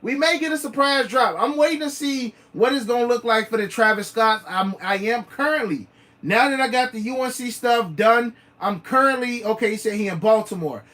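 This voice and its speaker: Dude, rambling sneaker stream chat, lots of ums and repeats. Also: male voice, very high-pitched, moderate pace, bright, forceful tone. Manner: loose, repetitive, slangy talk with many fillers. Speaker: sneaker channel host. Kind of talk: casual livestream chat.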